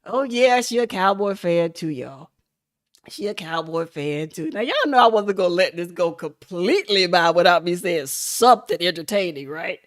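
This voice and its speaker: A woman hosting a casual livestream, chatting and laughing with viewers in an animated, hyped-up way. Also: fairly low pitch, moderate pace. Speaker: livestream host.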